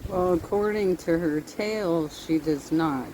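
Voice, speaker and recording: A woman making short remarks in a slow, even delivery. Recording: loud noise and wind rumble on the mic.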